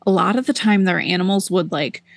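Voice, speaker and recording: A woman's voice: fairly low pitch, a little fast, gravelly, dry recording. Woman telling a story with dry sound. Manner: animated storyteller, repeats words for emphasis. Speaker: podcast co-host. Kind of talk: casual chat, personal storytelling.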